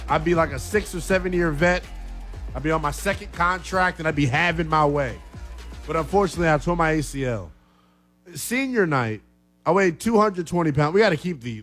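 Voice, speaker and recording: A man's voice: fairly high pitch, lively intonation, fairly quick, a bit bright, soft background music. A man hosting a sports talk radio show, brash and joking as he takes calls and ribs his co-host. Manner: brash, joking, trash-talking. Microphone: studio microphone.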